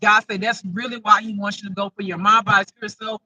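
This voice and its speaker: A woman giving a casual intuitive spiritual reading, talking emphatically and breaking into loud, laughing outbursts. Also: medium pitch, flat delivery, fast talker, no echo, highs cut off.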